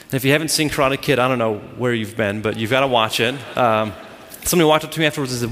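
A man's voice: medium pitch, rapid-fire, a bit bright, long reverb tail. A man preaching a sermon to a congregation, driving his points home with emphatic repeated phrases. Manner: emphatic, repetitive preaching cadence. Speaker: pastor.

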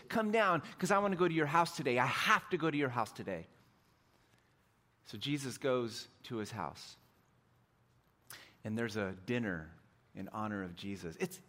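Middle-aged man, pastor, relaxed chatty sermon with self-deprecating humor. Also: fairly high pitch. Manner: joking, conversational, self-deprecating.

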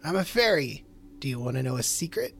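A man voicing a tiny secretive fairy in a squeaky, hushed, whispering voice for a read-aloud story. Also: sing-song, a little fast, gravelly, faint music behind, exaggerated voice.

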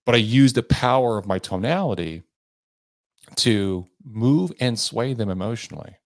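A man's voice: medium pitch, animated, normal speed, no echo, studio quality. A man hosting a sales coaching podcast, talking earnestly and with emphasis. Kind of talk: motivational podcast monologue.

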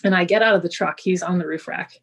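Lively middle-aged woman telling a story. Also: on the low side, quick pace, vocal fry, slightly rough. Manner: lively storyteller who acts out quoted speech. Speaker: guest healer. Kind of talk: casual interview storytelling.

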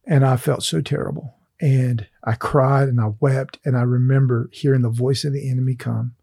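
A man's voice: medium pitch, fairly even intonation, moderate pace, creaky, dark tone, breathy edge, no room sound, clean studio sound. A man hosting a faith conversation, telling a personal testimony in an earnest, emotional way.

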